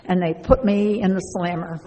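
A woman's voice: lowish voice, fairly even intonation, normal speed, mellow. A woman giving a chatty personal testimony to a live audience, laughing often and speaking to listeners directly. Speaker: speaker sharing a recovery story. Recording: long hall reverb.

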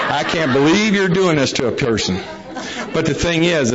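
A man's voice: mid-range voice, expressive, moderate pace, background noise. A middle-aged man telling a humorous recovery story to an audience in a folksy, jokey, plain-spoken way. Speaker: speaker sharing a recovery story. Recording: dull lo-fi recording.

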